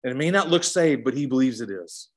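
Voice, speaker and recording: Animated man leading a Bible study. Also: quick pace. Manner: animated, swings between emphatic high bursts and soft low asides. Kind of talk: informal Bible study teaching.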